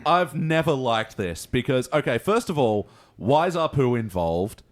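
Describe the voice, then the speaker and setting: A man's voice: medium pitch, animated, measured pace. A young man co-hosting a podcast, chatting casually and laughing often as he reviews episodes. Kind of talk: casual chat.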